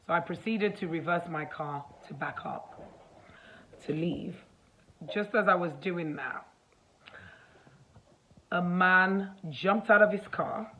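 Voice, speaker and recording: A woman vlogger in casual storytelling mode, animated, acting out the dialogue as she goes. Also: lowish voice, slight background noise, poor audio. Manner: animated, acts out dialogue, fillers.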